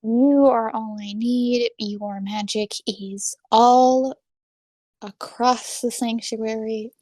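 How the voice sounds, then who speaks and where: A woman's voice: on the high side, steady tone, slow, warm tone, no echo. A woman playing a tabletop game, speaking in character, blunt and matter-of-fact. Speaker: player. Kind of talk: in-character roleplay.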